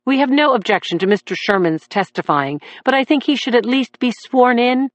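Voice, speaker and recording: A woman's voice: on the high side, moderate pace, no room sound, highs cut off, voice pushed up, natural voice. A woman voicing a firm female prosecutor raising objections in court.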